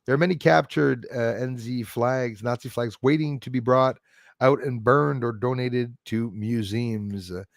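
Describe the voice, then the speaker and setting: Male livestream host, gravelly, dry close sound, rambling and chatty while reading comments. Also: mid-range voice, measured pace, no room sound. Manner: rambling, chatty, jumps between topics. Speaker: channel host. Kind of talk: livestream chat, reading viewer comments aloud.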